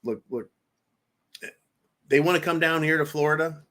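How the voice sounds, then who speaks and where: A man's voice: a little high, normal speed, a bit bright. A man hosting a livestream and answering viewer comments. He talks in a blunt, rambling way, swears freely, and stacks up long lists. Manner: rambling, with lists and repeated words. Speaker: livestream host. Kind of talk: live chat commentary, reading viewer comments.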